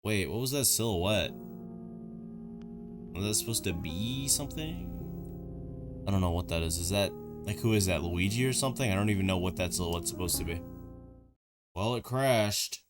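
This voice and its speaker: A man's voice: sits low, expressive, a little fast, pauses often, over loud music. A man giving casual, joking reaction commentary on videos, rambling through chatty asides.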